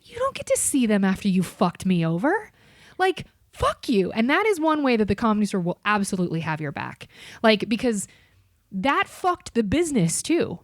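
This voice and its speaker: Brief: woman guest, lively storyteller, swears freely, dry close mic. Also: fairly high pitch, dry recording. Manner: animated, profane, acts out voices. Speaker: podcast guest. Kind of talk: casual storytelling chat.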